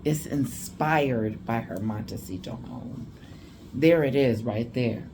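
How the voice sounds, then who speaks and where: A woman's voice: extremely low pitch, takes it slowly, mellow, a little hiss or hum. A woman vlogging casually at night, sleepy and a little tipsy, rambling as she reacts to news clips. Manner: rambling, drowsy, slightly tipsy. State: sleepy after drinks.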